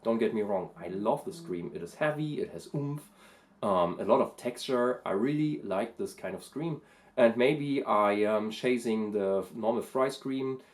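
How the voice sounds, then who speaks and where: A man talking through a casual vocal lesson, thoughtful and hesitant, with many pauses and fillers. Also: fairly low pitch. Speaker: vocal coach and vlogger.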